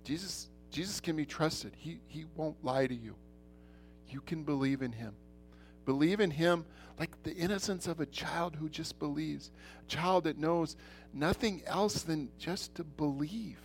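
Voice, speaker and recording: A man's voice: a little high, unhurried, faint music behind. Earnest middle-aged man preaching a sermon. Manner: earnest, repeats himself, shifts between loud and soft. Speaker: pastor. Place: church.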